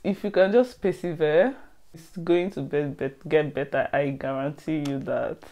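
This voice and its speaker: A woman's voice: deep voice, moderate pace, warm tone. A young adult woman tells her own story in a storytime vlog, candid and emotional, confiding straight to her viewers. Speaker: vlogger. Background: music.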